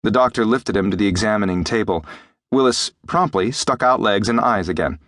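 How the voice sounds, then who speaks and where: Male narrator, low voice, steady storytelling, dry close studio sound. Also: brisk, no echo. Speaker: audiobook narrator. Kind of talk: scripted narration. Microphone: close studio mic.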